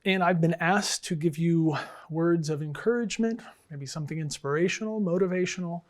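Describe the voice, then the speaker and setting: A middle-aged man with a somewhat high-pitched voice tells jokes in a casual, unbothered manner. He sounds like a professor chatting, dry and relaxed, with frequent fillers. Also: brisk. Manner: dry, easygoing, unbothered, with frequent ums and uhs. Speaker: English professor and department chair. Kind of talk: telling jokes to camera. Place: college setting.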